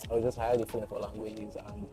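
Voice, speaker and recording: A man's voice: fairly low pitch, flat delivery, fast. A young Nigerian man with a Nigerian accent, a content creator and voiceover artist chatting casually in an interview, laughing and joking at his own expense. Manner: laughing, playful, self-deprecating.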